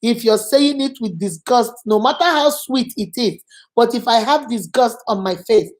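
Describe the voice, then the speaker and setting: A middle-aged woman hosts a channel, speaking at normal speed in a slightly high voice. She gives advice earnestly in emphatic, casual talk, repeating words for stress.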